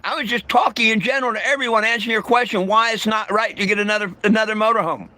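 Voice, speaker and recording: A man with a drawl rants to his livestream viewers in a blunt, profane way. His voice sits high and bright, and he often trips over his words and starts his sentences again. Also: steady tone, fast. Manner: blunt and profane, stammering restarts, irritable. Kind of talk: casual livestream rant.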